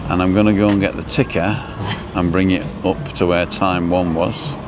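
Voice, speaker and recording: Low-voiced man hosting a noisy outdoor livestream. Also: fairly even intonation, moderate pace. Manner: rambling, reads viewer comments aloud while fiddling with stream settings. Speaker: livestream host. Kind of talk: casual live-stream chat. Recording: noisy outdoor street background.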